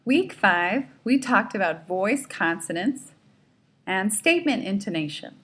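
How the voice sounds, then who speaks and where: A woman's voice: mid-range voice, animated, a little slow, fairly bright tone, husky. A woman teaching a pronunciation lesson, saying each word and sentence twice with careful, exaggerated enunciation. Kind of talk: slow, clearly enunciated lesson.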